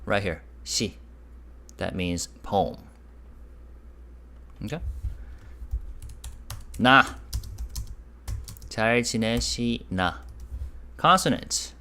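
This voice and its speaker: Low-voiced man teaching language lessons. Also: slow pace, long pauses. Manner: patient, repeats examples and prompts viewers with questions; lively, pitch jumps up on key words. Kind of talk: casual online language lesson.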